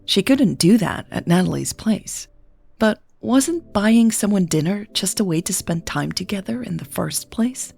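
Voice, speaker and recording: A woman who hosts a podcast, reading a romance story aloud in a calm, even way. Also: medium pitch, measured pace, creaky, breathy edge, dry recording, soft background music. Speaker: podcast host and narrator.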